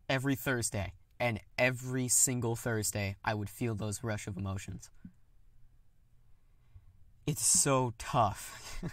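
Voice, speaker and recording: A young man opens up in a personal, confessional monologue, halting and candid, breaking into nervous laughs. His voice sits at an ordinary pitch, recorded close with a dry sound and no room around it. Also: no room sound. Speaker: podcast host.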